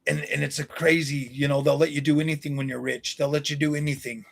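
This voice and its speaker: Forties male streamer, gravelly and slightly high, blunt and profane with chat. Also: flat delivery, fast. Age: 40s. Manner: blunt, combative, profane banter. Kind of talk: live stream chat, answering viewers.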